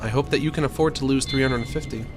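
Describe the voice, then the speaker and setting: A man's voice: mid-range voice, quick pace, music in the background. A man streaming a game, chatting casually and rambling to his viewers. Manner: rambling, chatty, self-deprecating. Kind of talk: casual let's-play chat.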